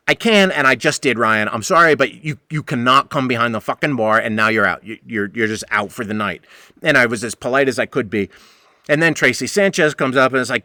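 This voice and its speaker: A man in his forties hosting a podcast, telling a story in a casual, profane, animated way and acting out the other people's voices. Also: mid-range voice, quick pace, no echo, clean studio sound. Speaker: podcast host.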